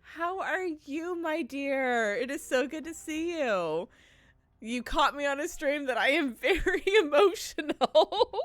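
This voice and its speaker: A woman's voice: sits high, lively intonation, slow, no echo. A woman streaming a game live, chatting in a rambling, heartfelt way and greeting viewers effusively. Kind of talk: casual live-stream chat.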